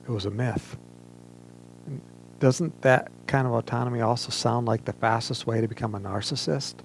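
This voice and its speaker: A man preaching a sermon as pastor, earnest and measured, with emphatic pauses. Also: mid-range voice, creaky, a little hiss or hum. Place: church, streamed online service.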